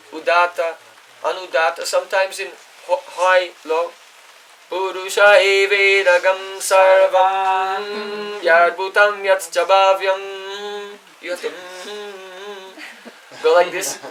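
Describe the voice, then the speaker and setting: A man with a high voice teaches a scripture class in an explaining way, now and then asking his listeners whether they follow. He stands well back from the microphone, so he sounds distant. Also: a bit bright, slight background noise. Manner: chants Sanskrit verses. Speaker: spiritual teacher. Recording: voice distant from the mic.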